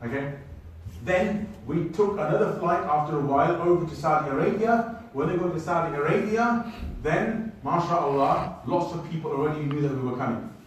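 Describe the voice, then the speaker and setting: A man telling a travel story to an audience in an animated way, speaking to them directly. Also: on the high side, moderate pace, a little hiss or hum. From United Kingdom. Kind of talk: storytelling talk. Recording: echoey hall, mic at a distance.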